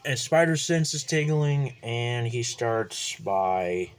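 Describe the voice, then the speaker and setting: A man recapping a movie plot casually, rambling and halting with lots of fillers. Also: mid-range voice, expressive, clear, resonant tone. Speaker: movie reviewer.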